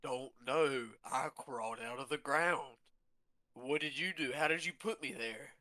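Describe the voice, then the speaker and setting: Bright-voiced man playing his character. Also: mid-range voice, a little slow. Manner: earnest, pleading. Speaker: player. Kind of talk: in-character tabletop role-play.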